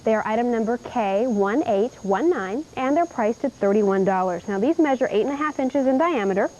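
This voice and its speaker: Captured on dull 1990s TV broadcast tape, an Indiana-born home shopping host, a young woman, demos cookware live in a chatty, upbeat way. She sounds animated and warm, her voice a little high and her pace a little fast.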